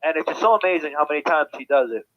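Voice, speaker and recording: Casual guy talking, kinda high voice, stammers a lot, dull muffled audio. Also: racing. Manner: chatty, stammers on restarts. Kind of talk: casual chat.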